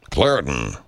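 Low-voiced rambling man with a crude streak. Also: creaky, breathy edge. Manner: rambling, crude, jokey asides. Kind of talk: loose comic radio talk.

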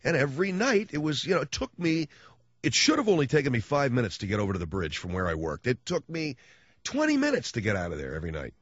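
Male radio host, rambling storyteller, very lively pitch, dry dull studio sound. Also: fast talker, slightly rough, no room sound. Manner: rambling, animated, slangy. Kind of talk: casual storytelling monologue.

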